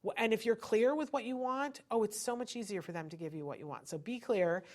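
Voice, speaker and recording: A woman's voice: a little high, a little fast. A middle-aged woman hosting a live-stream podcast, chatting with viewers in an encouraging way. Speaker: podcast host.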